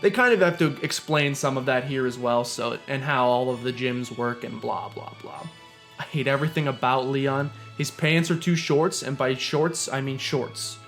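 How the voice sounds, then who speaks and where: A man's voice: mid-range voice, moderate pace, a bit bright. A young man streaming a video game, joking and ranting as he plays and sometimes reading the game's lines aloud. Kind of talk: casual gameplay commentary. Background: game music.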